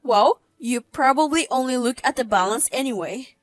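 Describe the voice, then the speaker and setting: Cutting, higher-voiced woman narrator. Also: lively intonation, normal speed, no echo, faint music behind. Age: 30s. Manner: cold, cutting, matter-of-fact. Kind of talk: first-person story narration.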